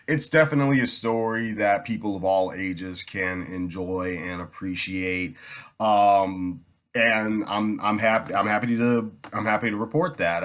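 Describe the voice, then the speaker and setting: Guy with a lowish voice doing a casual movie review to camera, lots of ums and restarts. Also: a bit bright. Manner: halting, many ums and restarts.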